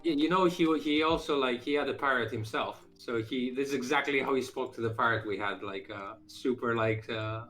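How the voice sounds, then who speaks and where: A man's voice: mid-range voice, fairly quick, few pauses, fairly bright tone, faint music behind, rough recording. A man chatting on a game dev stream, patiently explaining words with many fillers. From Greece. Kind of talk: casual chat.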